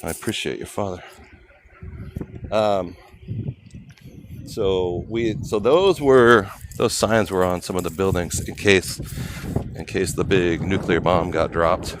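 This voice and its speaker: Older man, low voice, rambling livestream chat, walking outdoors, faint street noise. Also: slow, long pauses. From California. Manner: rambling, chatty, reads out viewer names. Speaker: livestream host.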